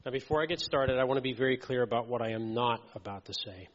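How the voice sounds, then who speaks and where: With an ordinary mid-pitched voice, a lay preacher delivers a plain, conversational sermon, pausing on frequent fillers and checks like "okay" and "right" to make sure the congregation is following. The recording sounds dull and muffled, with a long reverb trailing off the walls of a church hall.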